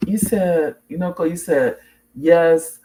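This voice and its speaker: A woman's voice: on the low side, slow pace, slight background noise. A middle-aged woman hosting her own talk show, chatting casually, telling stories with laughs and restarts, and reading out viewer comments. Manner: animated storyteller, laughs often, restarts sentences.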